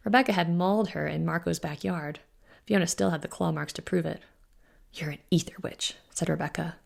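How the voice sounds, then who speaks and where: A woman author narrating her own fantasy novel in a steady, even reading. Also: lowish voice, creaky. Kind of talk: audiobook narration.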